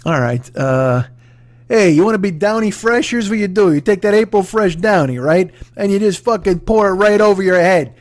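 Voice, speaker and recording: A man's voice: high voice, no room sound. Rambling, profane comic podcast host man. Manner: rambling, profane, jokey, sings silly nonsense syllables. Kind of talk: rambling comic sponsor read.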